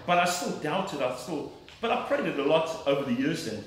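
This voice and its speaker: A man's voice: a little high, sing-song, moderate pace, very echoey, far from the mic, background noise. A middle-aged man giving an earnest, emphatic personal testimony from the pulpit of a church. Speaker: lay preacher giving testimony.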